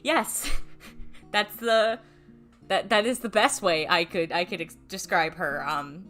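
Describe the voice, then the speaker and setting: Bright-voiced woman, rambling stream chat. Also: on the low side, unhurried, faint music behind. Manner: rambling, self-deprecating, casual swearing, laughs often. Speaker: streamer and voice actor. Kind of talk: casual livestream chat.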